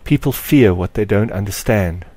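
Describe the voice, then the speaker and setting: A young spirit-walker girl speaks softly and calmly, motherly beyond her years, in a low, hushed voice, as a man reads her in a storybook. The recording is dry and close. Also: moderate pace, no echo. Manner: calm, soft, soothing.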